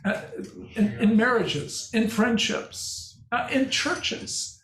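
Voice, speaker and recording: An older man giving a conference talk and answering questions, speaking slowly and reflectively with halting restarts. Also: high-pitched, sing-song. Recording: echoey hall with faint noise.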